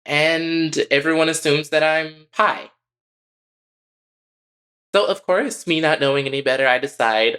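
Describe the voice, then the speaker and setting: Man, podcast co-host, casual profane storytelling, bright tense voice. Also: mid-range voice, takes it slowly. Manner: profane, animated retelling.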